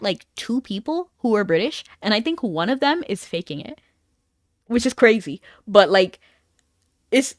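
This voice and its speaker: A woman's voice: mid-range voice, no room sound. A woman streamer chatting casually with her viewers while playing an online game, rambling and laughing often.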